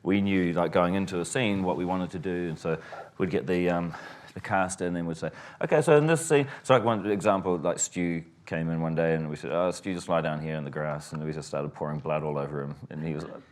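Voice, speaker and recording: A man answering interview questions as a filmmaker, relaxed and rambling, often restarting his sentences. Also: low voice, a little fast, hardly any pauses. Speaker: filmmaker guest.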